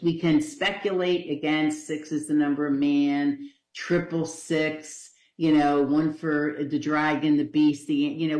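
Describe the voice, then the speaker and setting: A woman's voice: sits low, a little mellow. Woman pastor preaching in an echoey room. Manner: conversational, repeats phrases, joking asides. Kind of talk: Bible study sermon. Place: church.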